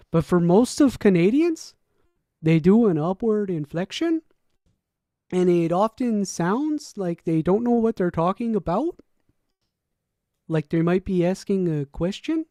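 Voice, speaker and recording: A man casually commenting as he reacts to a video, rambling and joking, swinging from low mumbles to loud whoops. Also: animated, unhurried, dry recording, studio quality. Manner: frequent restarts and laughs, profane.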